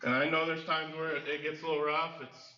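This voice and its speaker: A man's voice: on the high side, flat delivery, fairly quick, bright, forceful tone. A man, a school administrator, speaking earnestly at a community meeting, hesitant with many fillers. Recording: echoey room, slightly dull.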